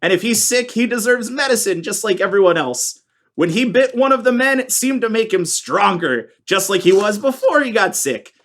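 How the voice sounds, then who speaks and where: A folksy small-town mother with a sweet, high, sing-song voice, as a man puts her on. She dotes and turns prickly when pressed. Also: animated, moderate pace, a bit bright. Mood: tender eerie. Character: doting small-town mother, middle-aged woman, folksy, defensive.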